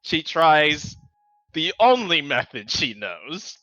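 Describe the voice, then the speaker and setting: A man playing a character in a tabletop game, animated and given to swearing. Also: fairly high pitch, slow pace, dry recording, muffled recording. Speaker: player. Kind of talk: tabletop role-play.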